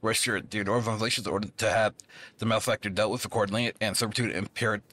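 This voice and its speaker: A man's voice: fairly low pitch, fairly even intonation, fast talker, a bit bright. A man reading the lines of a haughty, stern woman chancellor in a stiff, formal way.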